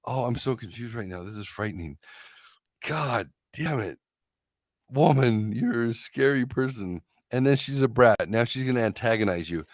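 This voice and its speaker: A man's voice: medium pitch, animated, normal speed, dry recording, studio quality. A man hosting a live stream, reacting to results with profane, incredulous, theatrical commentary. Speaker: streamer host.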